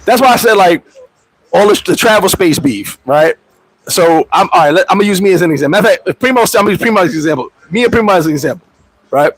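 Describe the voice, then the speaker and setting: Speaking fast in a high, breathy voice with lively intonation, this expat vlogger runs a casual livestream full of street slang, frequent laughter, and little scenes performed in other voices. The audio is poor, with no room sound.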